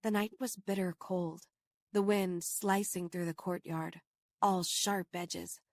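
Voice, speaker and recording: A woman reading a first-person horror novel aloud in steady, measured audiobook narration. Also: lowish voice, no echo, studio quality.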